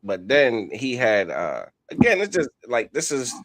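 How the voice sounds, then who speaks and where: Male co-host, average pitch, halting delivery, dry close mic. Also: wildly swooping pitch, fairly bright tone, no room sound. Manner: halting, restarts, many fillers. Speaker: podcast co-host. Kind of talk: casual podcast talk.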